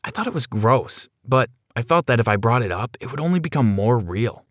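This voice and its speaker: A man's voice: mid-range voice, expressive, brisk, dry recording, clean studio sound. A man narrating a first-person story in a plain, conversational way, as a scripted voice-over.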